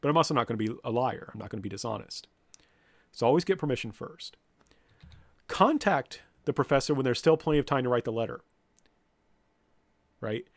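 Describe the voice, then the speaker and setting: A man's voice: mid-range voice, a little fast, pauses often, dry recording. A man, a professor, lecturing students bluntly and directly, now and then acting out what people say. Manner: blunt, direct, with lively mock-quotes.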